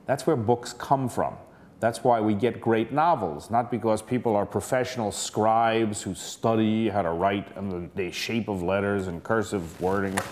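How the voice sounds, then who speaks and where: A man's voice: fairly low pitch, normal speed, darkish tone. A man presenting a lecture as an earnest, persuasive, conversational story.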